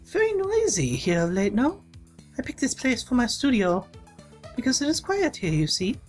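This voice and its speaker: Woman playing a fussy, chirpy painter with a fake French accent, lively sing-song pitch, game voice. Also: normal speed, faint music behind. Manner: fussy, chirpy broken English.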